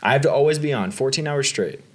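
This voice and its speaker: A man who is a guest on a podcast, talking in casual chat, halting and trailing off as he speaks. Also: medium pitch, animated. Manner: halting, trails off, laughs between words.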